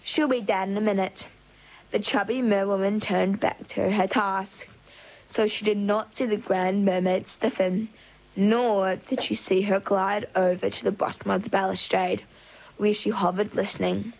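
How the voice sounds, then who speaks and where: A woman narrates a children's storybook. Her reading is expressive. Her pitch sits in a middle range. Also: a little slow, creaky, low-quality recording.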